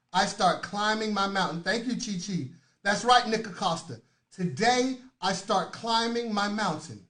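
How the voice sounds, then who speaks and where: A man hosting a live motivational talk, leading affirmations and calling out viewers by name in an energetic, preachy way. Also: high voice. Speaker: motivational host. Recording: roomy echoey sound.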